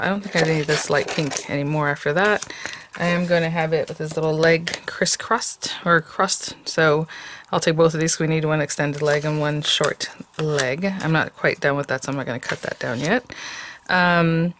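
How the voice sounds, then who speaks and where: A woman's voice: sits low, background noise. A woman hosting a casual papercraft tutorial, chatty and thinking aloud with many ums as she works. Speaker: papercraft channel host.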